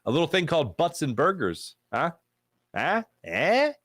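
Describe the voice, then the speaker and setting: A man hosting a live sports talk show, reading viewer chat in a jokey, animated way and greeting chatters with loud excitement. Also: fairly high pitch, a little slow, no echo, studio quality.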